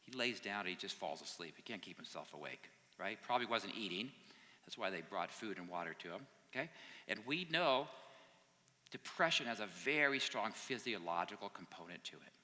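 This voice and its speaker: A man's voice: lowish voice, lively intonation, brisk, bright, forceful tone. A man telling a Bible story to a young adult group, acting out the characters' lines with conversational asides. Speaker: youth pastor. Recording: long hall reverb.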